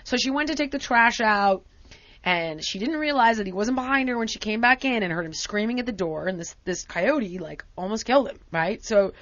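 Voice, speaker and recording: Chatting casually on a talk show, a woman animatedly retells a story with drama, performing the quotes of the people involved. Her mid-range voice moves briskly, and the audio is dull with no room sound.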